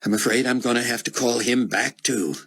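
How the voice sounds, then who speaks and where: A man's voice: medium pitch, a little fast, a bit bright, breathy edge, voice pushed up. A man voicing a harried young male journalist who talks tersely and impatiently.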